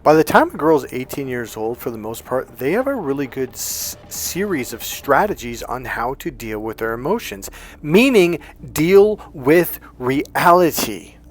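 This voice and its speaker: A man's voice: mid-range voice, very animated, normal speed, few pauses. Blunt, profane male dating coach. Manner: blunt, profane, quotes people in put-on voices. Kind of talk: coaching monologue.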